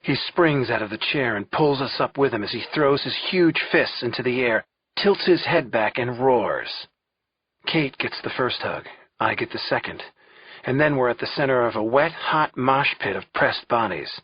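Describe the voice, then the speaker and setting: A man narrating a thriller audiobook in the first person, with a steady, vivid reading. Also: mid-range voice, normal speed, breathy edge, no room sound, lo-fi sound.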